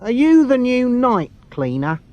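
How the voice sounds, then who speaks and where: A man's voice: extremely high pitch, sing-song, a little slow, highs cut off, pitched above the performer's own voice, exaggerated voice. A man voicing a gloomy, grumbling station supervisor in a storybook reading. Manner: grumbling, discouraging.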